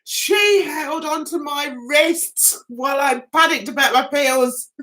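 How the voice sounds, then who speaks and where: A woman's voice: sits high, takes it slowly, bright, forceful tone. A middle-aged woman hosting a casual livestream, telling an anecdote with giggles and animation. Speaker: YouTube host.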